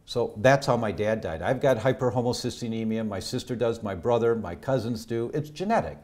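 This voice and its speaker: A middle-aged male doctor with a somewhat low voice tells family stories in a podcast interview. He speaks earnestly, lifting his voice when animated and dropping to a hush at the sad parts. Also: fairly quick. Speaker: doctor and health educator. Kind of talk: emotional personal storytelling in a podcast interview.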